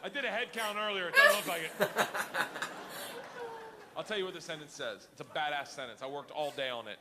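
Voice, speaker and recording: A man doing stand-up, telling a wild story loudly and laughing through his punchlines. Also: on the high side, sing-song, fairly quick, over a noisy crowd, heavy background noise. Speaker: stand-up comedian.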